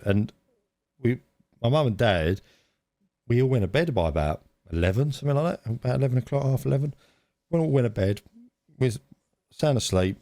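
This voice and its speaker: A middle-aged man co-hosting a podcast, telling an anecdote in a casual, animated way with frequent laughs and restarts. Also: lowish voice, no echo, clean studio sound. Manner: animated storyteller, laughs often, many restarts. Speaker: podcast co-host. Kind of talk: casual storytelling chat.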